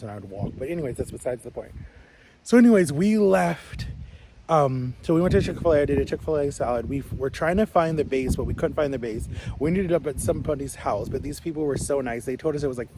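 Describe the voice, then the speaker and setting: A man's voice: mid-range voice, background noise. A man in his thirties telling a rambling, chatty story to camera, full of "like" and restarts. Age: 30s. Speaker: vlogger.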